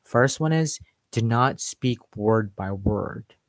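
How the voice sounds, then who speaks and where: Male accent coach, casual live-stream lesson, mid-pitched voice, dry close mic. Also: animated, takes it slowly, dry recording. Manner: explains with modeled examples and filler words. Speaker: English accent teacher.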